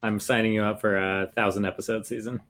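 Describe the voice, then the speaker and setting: A man's voice: fairly low pitch, level tone, fast, noisy background. A man co-hosting a podcast in casual chat, playful and joking, laughing often. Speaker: podcast co-host.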